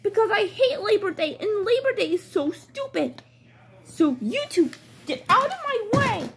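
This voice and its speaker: A woman's voice: very high-pitched, big pitch swings, measured pace, a little hiss or hum, full character voice. A woman voicing a grumpy, bossy young girl doll who whines and sulks, in toy play storytelling. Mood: mean. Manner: whiny, sulky, pouting.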